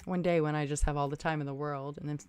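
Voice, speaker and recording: This livestream host talks fast in a low, steady, somewhat dark voice that sounds clear and resonant, with no echo. She chats casually, muses out loud, reads comments, and thanks viewers by name.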